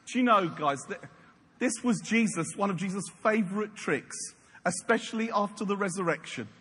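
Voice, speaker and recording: A man preaches with playful, jokey storytelling. His voice sits high and sounds bright and pressed. A long hall reverb and faint background noise surround it. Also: expressive, normal speed, breathy edge. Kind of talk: sermon.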